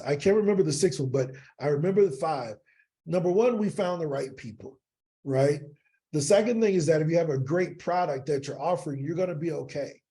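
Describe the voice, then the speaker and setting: Gravelly-voiced man telling lively stories. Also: fairly high pitch. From East St. Louis, Illinois. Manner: animated storyteller, keeps asking "right?". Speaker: podcast guest, sales coach. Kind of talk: casual interview storytelling.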